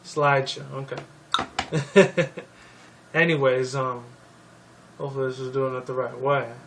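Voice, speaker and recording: A man's voice: medium pitch, fairly even intonation, measured pace. Rambling profane young man, distant mic. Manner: profane, rambling, many fillers. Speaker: video commentator. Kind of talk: casual rambling commentary. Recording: distant mic with faint noise.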